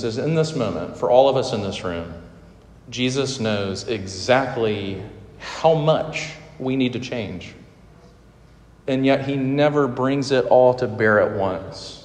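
A man in his thirties preaching a sermon as a pastor, earnest, often dropping to soft, emphatic endings. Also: mid-range voice, measured pace. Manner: earnest, drops to soft emphatic lines at phrase ends. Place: large hall with audience. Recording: echoey hall sound, roomy reverb.

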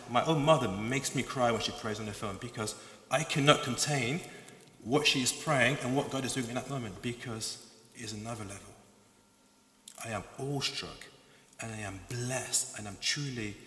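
A man's voice: medium pitch, fairly bright tone. A man preaching a sermon to his church, passionate and emphatic, stacking phrase after phrase. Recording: echoey hall with long reverb.

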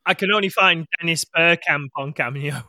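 A man's voice: on the high side, normal speed, pushed and bright, no room sound, studio quality. A man co-hosting a podcast, joking around and laughing often. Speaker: podcast co-host. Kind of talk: casual chat.

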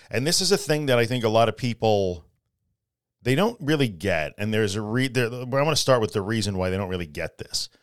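A man's voice: lowish voice, no room sound, clean studio sound. A middle-aged man hosting a solo podcast, talking casually but earnestly and repeating his key phrases for emphasis. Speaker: podcast host.

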